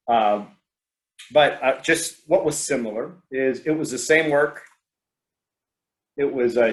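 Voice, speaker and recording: A man giving a leadership presentation at an online meeting, telling a story with many fillers and restarts. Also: medium pitch.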